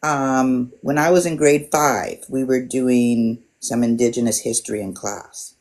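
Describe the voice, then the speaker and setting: A woman's voice: extremely low pitch, steady tone, a little slow, darkish tone. Reflective woman in her sixties. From Alberta, Canada. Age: 60s. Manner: reflective, lots of "you know" fillers. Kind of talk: casual chat, storytelling.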